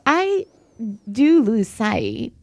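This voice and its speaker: A woman's voice: fairly high pitch, extremely slow, dry recording. Japanese-born woman chatting, bouncy up and down voice, laughs a lot, dry sound. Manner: animated, laughs often, acts out quotes. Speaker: guest. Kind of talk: casual chat.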